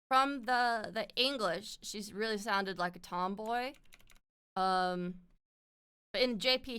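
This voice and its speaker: A woman's voice: a little high, a bit bright, smooth. A woman streamer chatting casually on a streaming mic, laughing often and swearing freely. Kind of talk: casual chat. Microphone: streaming mic with compressor.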